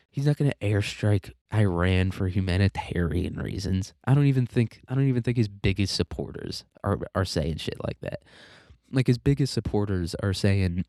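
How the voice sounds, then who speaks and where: Low, dark-voiced sarcastic male host. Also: dry recording, studio quality. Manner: sarcastic, profane, rambling. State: congested, coughing. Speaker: podcast host. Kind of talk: casual political commentary monologue.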